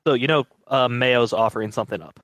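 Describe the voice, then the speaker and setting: Halting man as game master. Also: medium pitch, very noisy. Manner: halting, lots of fillers, wry. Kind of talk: running a tabletop game.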